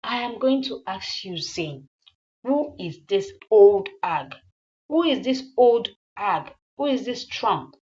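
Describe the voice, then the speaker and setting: A woman voicing an angry young woman who loudly confronts her man. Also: medium pitch, lively intonation, measured pace, muffled recording, close to an everyday voice. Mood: accusing. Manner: loud, accusing, repeating herself.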